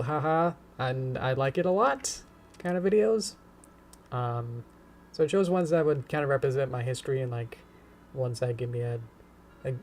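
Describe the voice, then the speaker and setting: Uomo streamer che chiacchiera mentre anima: parlato esitante, pieno di intercalari, canticchia piano; leggero rumore di fondo e tastiera. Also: male voice, mid-range voice, slight background noise. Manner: rambling, hesitant, many fillers and soft humming. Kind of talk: casual live-stream chat.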